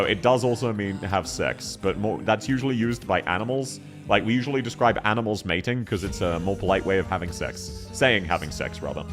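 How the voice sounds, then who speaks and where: A young man, chatting casually with his live-stream audience while gaming, rambling, swearing freely and laughing often. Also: fairly low pitch.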